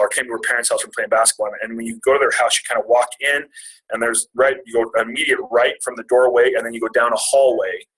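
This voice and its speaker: A man's voice: medium pitch, fairly bright tone, rough recording. A man in his twenties telling a personal family story at a retreat, rambling and self-deprecating with jokes. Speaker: speaker at a retreat.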